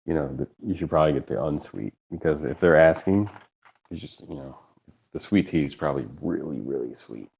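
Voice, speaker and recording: A man's voice: rumbling low, animated, fairly quick, gravelly, a little mellow, breathy edge. A man from New York in a laid-back casual chat, swearing now and then.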